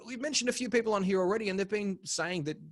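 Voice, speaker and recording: A man's voice: high voice, fast talker, dry recording. A young man co-hosting a podcast in casual chat, rambling and laid-back, swearing freely. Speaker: podcast co-host.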